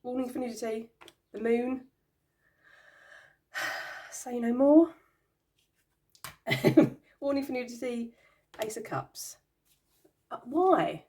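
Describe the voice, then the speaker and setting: A woman's voice: a little high, slow, pauses often, darkish tone. A woman hosting her own channel, chatting casually as she shows things, giggling and sounding amused and baffled. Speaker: tarot channel host. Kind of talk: casual show-and-tell chat.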